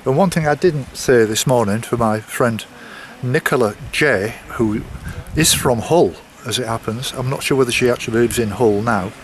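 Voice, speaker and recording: A man's voice: medium pitch, moderate pace, hardly any pauses, a little hiss or hum. A man chatting casually to his viewers while out on a coastal walk, rambling a little and apologising now and then. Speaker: walking vlogger. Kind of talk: casual walking vlog to camera.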